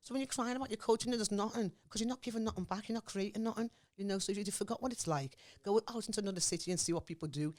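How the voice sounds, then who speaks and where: Fast-talking Scouse woman, impassioned. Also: medium pitch, a little mellow. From Liverpool, England. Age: 40s. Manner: emphatic, forthright, often asks "you understand me?". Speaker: interview guest. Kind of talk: impassioned interview talk.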